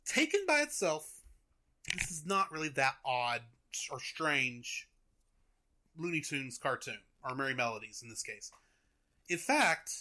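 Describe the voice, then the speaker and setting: A young man hosting a podcast, retelling a cartoon in a chatty, animated way. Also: on the high side. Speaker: podcast host. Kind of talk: casual chat, retelling a cartoon.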